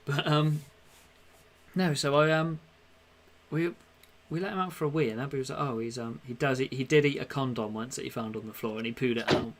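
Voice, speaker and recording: Brief: young man, podcast co-host, lively storyteller, mid-pitched, acts out quotes. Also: brisk. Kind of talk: casual chat.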